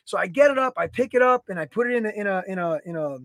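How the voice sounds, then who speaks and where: A man co-hosting a podcast, telling a story in a casual, animated way, swearing and acting out his own quotes. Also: high voice, fast, vocal fry, dry recording. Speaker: podcast co-host. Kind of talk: casual chat.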